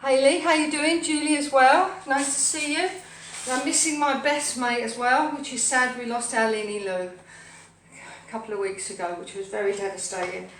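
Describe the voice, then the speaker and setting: A rambling, cheerful woman hosts a home cooking stream and chats to her viewers and pets as she works. Her voice sits a little high. She is a step back from the mic in an echoey kitchen, with a faint hum behind her. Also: steady tone, moderate pace, distant mic. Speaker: host of a live cooking stream. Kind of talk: chatty live cooking stream.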